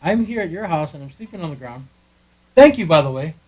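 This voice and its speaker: A man's voice: a little high, lively intonation, brisk, darkish tone, slightly rough, poor audio. A man co-hosting a casual podcast from a friend's living room, rambling and joking with lots of restarts. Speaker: podcast co-host. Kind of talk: casual chat.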